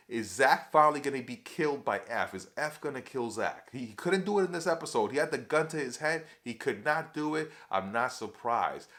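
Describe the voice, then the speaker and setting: Male TV recap host, mid-pitched, excitable and chatty, talks straight to the viewers as y'all. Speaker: TV episode reviewer. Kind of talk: casual recap chat.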